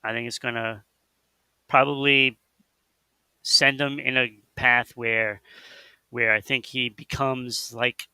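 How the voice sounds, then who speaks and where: A man co-hosting a casual radio chat about music, rambling and animated, with lots of fillers and restarts. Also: medium pitch, takes it slowly, long pauses, clear, resonant tone, no room sound. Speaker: co-host.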